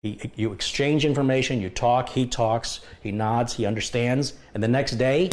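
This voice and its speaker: A middle-aged computer repair shop owner delivers a candid monologue to camera, frustrated and venting about a customer while acting out past exchanges. He speaks in a mid-range, darkish voice, fairly quickly and with hardly any pauses.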